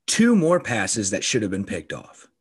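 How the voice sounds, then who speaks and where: A man with a fairly low voice trades jabs with his co-host on a casual sports podcast. He talks in an animated, profane way, and his pitch leaps up when something excites him. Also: a little slow, slightly rough.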